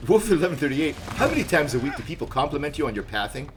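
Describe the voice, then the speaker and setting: A man streaming a horror game live, chatting with viewers and teammates, quick to laugh and yelp in surprise. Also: a little high, very animated, noisy background. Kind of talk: live gameplay commentary.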